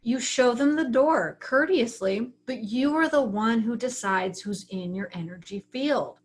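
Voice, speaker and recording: A woman's voice: fairly high pitch, expressive, a little slow. Chatty woman teaching a writing class. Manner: chatty, frank, often acts out her own thoughts. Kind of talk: casual livestream class talk.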